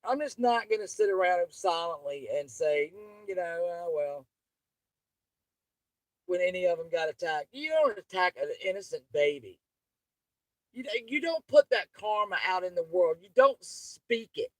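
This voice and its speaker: A woman's voice: fairly low pitch, big pitch swings, normal speed, no room sound, low-quality recording. A woman, hosting her channel with an angry, profane, rambling livestream rant. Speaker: channel host.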